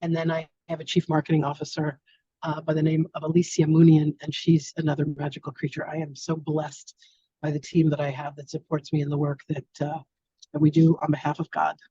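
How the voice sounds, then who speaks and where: A woman with a mellow, relaxed voice wraps up an online spiritual class in loose, affectionate chat. The audio is dry and a little dull, as if it were picked up over a video call. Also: low-pitched, fairly quick, husky, no echo. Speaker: spiritual teacher hosting an online masterclass. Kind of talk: casual live-stream chat.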